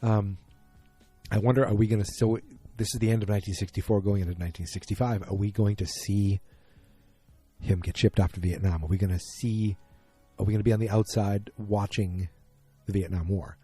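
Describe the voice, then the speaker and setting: A man's voice: lowish voice, fairly even intonation, fairly quick, warm tone, slightly rough, faint music behind. A man hosting a solo podcast, recapping a TV episode in an opinionated, rambling way with lots of fillers and restarts. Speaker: podcast host.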